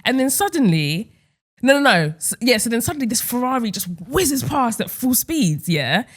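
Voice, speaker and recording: A woman's voice: a little high, sing-song, normal speed. A young woman, co-hosting a podcast and telling stories in casual chat, full of "like" and "yeah". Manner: chatty storyteller, lots of "like" and "yeah". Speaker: podcast co-host.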